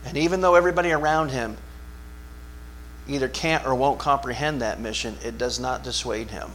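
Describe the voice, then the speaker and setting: A man preaching a sermon as pastor, talking conversationally and asking his listeners questions, swinging from hushed asides to loud, emphatic bursts. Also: medium pitch, brisk, a little hiss or hum. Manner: conversational, asks the congregation questions.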